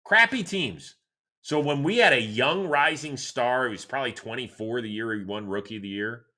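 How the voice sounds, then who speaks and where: A middle-aged man from Cleveland hosting a solo sports show, answering listener questions in an animated, chatty storytelling way. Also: moderate pace. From Cleveland, Ohio, USA. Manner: animated, chatty storyteller with lively swings in pitch. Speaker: host.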